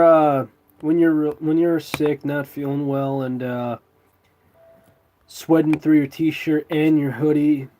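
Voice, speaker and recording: A man's voice: mid-range voice, darkish tone. A man with a stuffy nose from a cold, chatting in a laid-back way with viewers as host of his live stream. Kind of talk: casual live stream chat.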